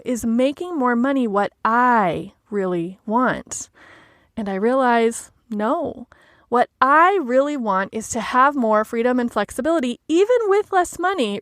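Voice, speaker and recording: A woman hosting a solo coaching podcast, talking in a gentle, measured, reflective way. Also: on the high side, dry recording, clean studio sound. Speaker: life coach podcast host.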